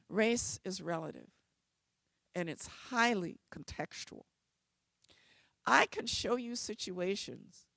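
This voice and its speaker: A woman speaks to a live audience, spinning a story with wry, lively humor. Her voice has a gravelly edge, and the sound is close and dry. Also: fairly low pitch, dry recording. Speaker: civil rights lawyer.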